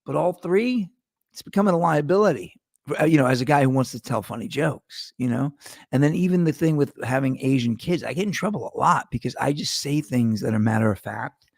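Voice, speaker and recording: A middle-aged man hosts his own podcast in a loose, rambling monologue, swearing freely and wandering off topic. His voice has a gravelly edge, and the sound is dry and close with no room around it. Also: mid-range voice, lively intonation, brisk, no room sound. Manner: rambling, profane, digressive. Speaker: podcast host. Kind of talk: casual monologue.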